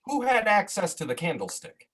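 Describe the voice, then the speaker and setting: A woman's voice: medium pitch, huge pitch swings, normal speed, breathy edge. A woman voicing a bossy male army colonel who barks short commands, in an amateur live play reading over a video call. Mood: commanding.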